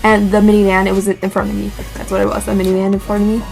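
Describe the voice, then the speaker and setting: A young woman vlogger casually telling a dramatic story, animated and filled with "like" and swearing. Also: rapid-fire, vocal fry, faint music behind. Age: young adult. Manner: animated, lots of "like", swears, rises in pitch when excited.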